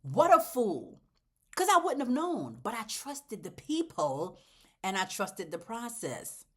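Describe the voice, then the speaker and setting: A woman hosting a casual plant vlog, talking straight to her viewers in a chatty, heartfelt way, swinging between loud exclamations and soft near-whispers. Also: a little high, wildly swooping pitch, slow, slightly rough. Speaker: plant channel host.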